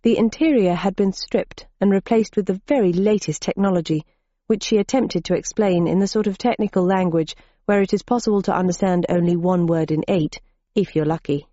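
Mellow woman narrating an audiobook. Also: mid-range voice, fairly quick, dry recording, lo-fi sound. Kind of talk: scripted first-person audiobook narration.

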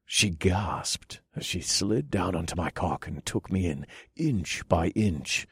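A man narrating a first-person erotic story in a low, breathy, intimate way. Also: animated, takes it slowly, dry recording, studio quality.

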